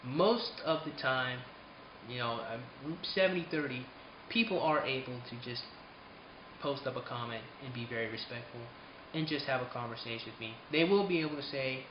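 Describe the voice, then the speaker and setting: A man talking straight to his viewers in a casual vlog rant, swinging between heated outbursts and quiet asides and swearing freely. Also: medium pitch, moderate pace, reverberant, highs cut off, noisy background. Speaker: channel host.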